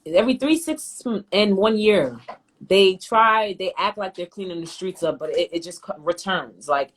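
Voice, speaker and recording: A woman's voice: medium pitch, expressive, moderate pace. A woman hosting a casual live-stream chat from home on her phone, talking in a streetwise way and swearing freely. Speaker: host.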